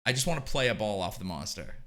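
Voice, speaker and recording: Young man, lively swooping voice, bright tone, casual podcast chat, laughs and swears. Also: lowish voice, quick pace. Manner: animated storytelling, swears a lot, laughs often. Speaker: podcast co-host.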